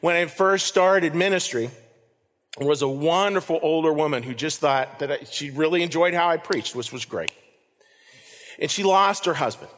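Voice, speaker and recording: A man's voice: a little high, moderate pace, a bit bright. A man preaching a sermon as pastor, earnest, repeating key lines for emphasis. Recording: reverberant hall.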